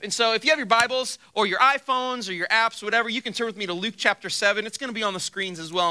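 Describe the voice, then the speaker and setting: A man's voice: sits high, fairly quick, hardly any pauses, sharp tone. A man preaching a sermon as pastor, telling a funny personal story with acted-out quotes before turning to scripture. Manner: storytelling with acted quotes and self-deprecating humor.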